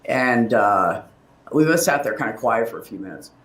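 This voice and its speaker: A man's voice: mid-range voice, expressive, normal speed, a bit bright. A man telling a personal story in casual chat, candid and emotional, rambling with restarts and laughs. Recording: roomy, distant mic.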